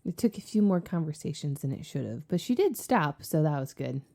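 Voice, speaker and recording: Podcast co-host, woman, lively storyteller, pitch jumps all over when quoting people. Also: fairly quick, gravelly. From American South. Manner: animated storytelling, acts out coworkers in high excited voices. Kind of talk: casual podcast chat.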